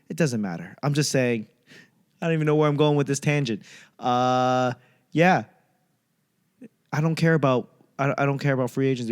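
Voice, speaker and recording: A man's voice: medium pitch, moderate pace, long pauses. A man from the United States, a comedian and podcast host, rambling through a solo monologue full of profane, ranting tangents and comic asides.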